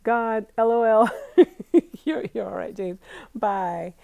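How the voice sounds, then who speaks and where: A woman's voice: fairly high pitch, slow, vocal fry, no room sound, phone-quality sound. A young adult woman chatting casually with her viewers from home, reading out live comments and laughing often. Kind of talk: casual live-stream chat.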